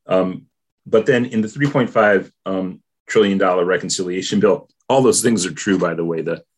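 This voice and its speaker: A man giving his take on politics in a casual discussion, measured and thoughtful, with many pauses and fillers. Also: low-pitched, slightly rough. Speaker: political commentator.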